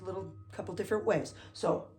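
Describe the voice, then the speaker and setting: A woman's voice: mid-range voice, a little fast, music in the background. A woman giving a casual drum lesson, counting beats aloud and often checking with "okay?". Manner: relaxed, often adds "okay?". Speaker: drum teacher. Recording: drums playing behind the voice.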